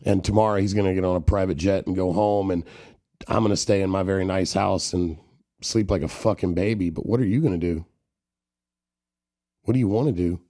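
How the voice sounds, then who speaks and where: A man's voice: low voice, fairly even intonation, a little fast, pauses often, dark tone, dry recording, clean studio sound. A man hosting a podcast interview, blunt and profane, challenging listeners directly with motivational talk. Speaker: podcast host.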